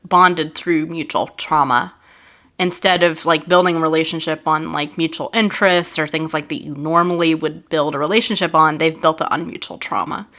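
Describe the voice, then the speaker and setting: A woman's voice: deep voice, steady tone, normal speed, bright, forceful tone. A woman co-hosting a podcast, chatting casually about a book and often agreeing. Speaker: podcast co-host.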